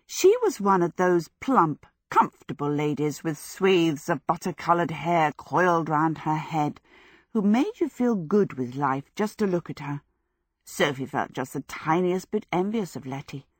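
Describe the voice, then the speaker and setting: A woman narrating a storybook in a measured, expressive way. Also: sits low, slightly rough, dry recording. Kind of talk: audiobook narration. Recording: dry close recording.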